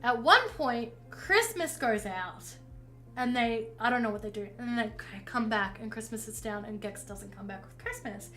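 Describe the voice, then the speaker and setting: Brief: female streamer, bright and a touch high, casual storytelling with plenty of swearing, soft music underneath. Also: normal speed. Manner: chatty, swears freely, lively and animated in quoted dialogue.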